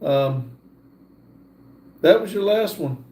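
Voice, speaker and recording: Older male livestream host, slow and unhurried, mellow low-key tone, echoey room. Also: lively intonation. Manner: slow, laid-back reading of comments aloud. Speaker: livestream host reading chat. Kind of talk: casual livestream chat.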